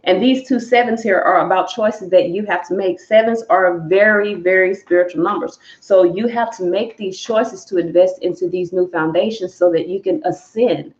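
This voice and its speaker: A woman with a lowish voice gives a live collective tarot reading to her viewers, speaking at a moderate pace with hardly any pauses. She's candid, emphatic and casually profane, calling her audience "y'all," and the recording sounds roomy and muffled.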